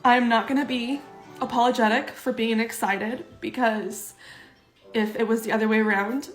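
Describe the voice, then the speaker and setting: A young woman making a vlog, earnest and halting, on the verge of crying as she talks. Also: on the high side, fairly bright tone. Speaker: social media poster. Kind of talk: emotional vlog to camera. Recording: echoey room with music under it.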